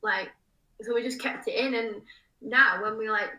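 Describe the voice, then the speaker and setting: A woman's voice: a little high, moderate pace, pushed and bright. A young woman, a musician guest, chatting casually, packing in fillers and giggling often. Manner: chatty, says "like" constantly, giggly. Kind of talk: casual chat. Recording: a little distant from the mic.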